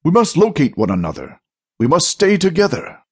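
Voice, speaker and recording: A man voicing a calm, commanding male wizard who speaks in formal, measured sentences. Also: a little high, husky, voice pushed up, full character voice. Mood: urgent.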